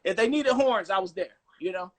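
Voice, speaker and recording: A man from Chicago talking on a video call in a casual, animated, joking way and swearing freely. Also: high-pitched, a little fast. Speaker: guest musician.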